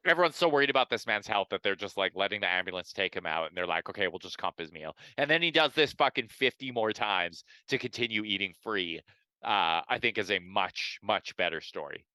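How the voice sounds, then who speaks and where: A man with a low, bright and crisp voice, co-hosting a comedy podcast. He reads odd news stories and then riffs on them in a loose, profane way. The sound is dry and close to the mic. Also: brisk, dry recording, low-quality recording. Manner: profane, riffing, animated storyteller. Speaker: podcast co-host. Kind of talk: casual comedic chat, reading news.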